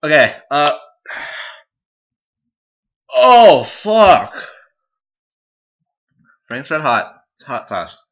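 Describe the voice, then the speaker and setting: A man's voice: moderate pace, hardly any pauses, pushed and bright, lo-fi sound. A young man vlogging a hot sauce challenge, swearing, groaning and laughing while in pain and teary. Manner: muttering low asides. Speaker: YouTuber. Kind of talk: casual vlog.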